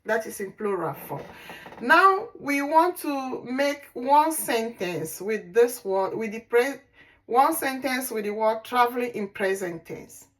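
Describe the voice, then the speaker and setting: A woman teaching a language lesson, saying words slowly and repeating them, with fillers and self-corrections. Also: on the high side, expressive, low-quality recording. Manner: slow, deliberate, repeats words for practice. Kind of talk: slow spoken language lesson.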